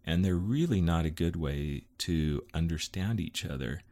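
A man with a very low voice co-hosts a relaxed podcast alongside his wife. He talks things through in a rambling way, backing up to fix his words as he gives everyday examples. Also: unhurried. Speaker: podcast co-host. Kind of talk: casual podcast chat.

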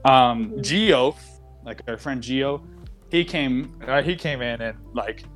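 Seated at his home desk, a young adult podcast host of average pitch chats in a loose, candid, rambling way, full of fillers and broken-off thoughts. He takes his time, and faint music plays behind him.

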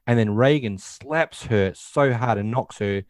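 A man's voice: medium pitch, unhurried, no room sound, clean studio sound. A man casually recapping a film scene by scene, rambling and acting out quotes in passing. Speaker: podcast host.

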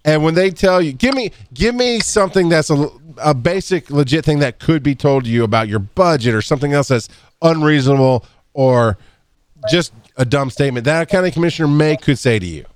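Blunt, animated man hosting a podcast. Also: fairly quick, no echo, studio quality. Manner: blunt and animated, swings up in pitch when fired up; laughs often and clears throat. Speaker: podcast host and EMS educator. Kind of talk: casual podcast chat.

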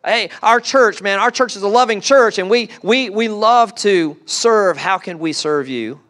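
Male pastor, lively sermon delivery, slightly high voice, repeats phrases for effect. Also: unhurried. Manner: animated, repeats words, voices excited quotes.

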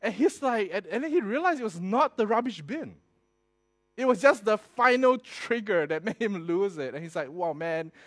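A man preaching a sermon, telling stories with animated swings from loud to hushed. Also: high-pitched, normal speed. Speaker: pastor.

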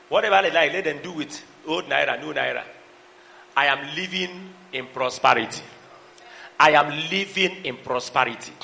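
A middle-aged man preaching a sermon, calling out to the congregation and shouting for emphasis. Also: on the high side, gravelly. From Nigeria. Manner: preaching with call-and-response, breaking into song and shouts. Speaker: pastor. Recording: long hall reverb.

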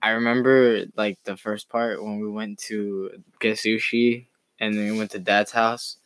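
A man's voice: fairly low pitch, level tone, a little slow, fairly bright tone, smooth, no echo. A man in his twenties co-hosting a podcast in casual chat, laid-back and slangy, often laughing. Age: 20s. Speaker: podcast co-host.

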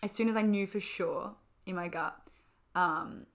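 A woman's voice: medium pitch, measured pace. A young woman chatting as a podcast co-host, telling a story with lots of fillers. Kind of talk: casual chat.

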